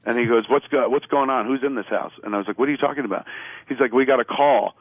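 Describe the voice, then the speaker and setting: A fast-talking man spins a casual anecdote as a radio guest, hopping into the voices of the people in his story. His speech is loose and profane and full of filler. The sound is thin and phone-like, close and dry. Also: medium pitch, husky, no echo. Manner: animated storyteller acting out quoted lines.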